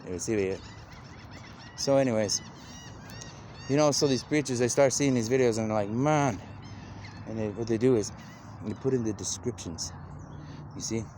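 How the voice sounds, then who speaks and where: A man's voice: mid-range voice, moderate pace, long pauses, warm tone. Rambling man with faint background hiss. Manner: rambling, loose, repeats "you know" constantly, slips into quoted voices. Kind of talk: rambling monologue.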